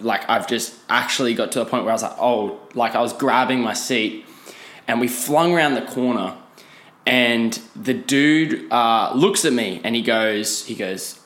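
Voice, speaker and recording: A man's voice: medium pitch, a bit bright. A young Australian man telling a casual story in a rambling, sweary way, often cutting himself off mid-sentence. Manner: rambling, sweary, self-interrupting. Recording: roomy echo.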